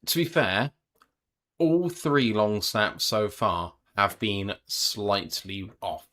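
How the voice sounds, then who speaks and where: A British man hosting a live reaction stream, commentating on plays in quick bursts and reading viewer comments aloud. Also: fairly low pitch, sharp tone. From United Kingdom. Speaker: podcast co-host and play-by-play commentator.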